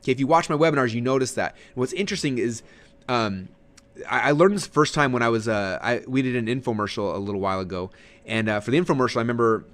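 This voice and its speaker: Fast and full of energy, a man teaches a relaxed webinar lesson on marketing. He stresses ideas with swooping shifts in pitch and frequently restarts or fills pauses.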